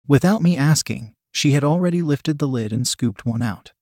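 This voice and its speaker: A man's voice: fairly high pitch, expressive, normal speed, a little mellow, dry recording, studio quality. A man telling a first-person story as narrator, with a wry, dryly humorous manner.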